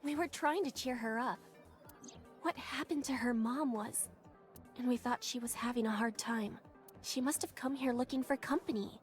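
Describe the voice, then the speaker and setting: A courteous female shop worker voiced by an actress, gentle and fairly high, speaking quietly with concern. Faint game music plays behind her. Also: normal speed, close to an everyday voice. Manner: soft, courteous. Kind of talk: video game voice acting.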